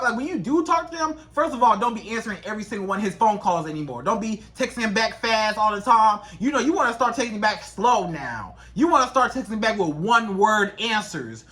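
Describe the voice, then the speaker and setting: A woman relationship coach giving direct advice to women, animated and acting out quoted exchanges. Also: high voice.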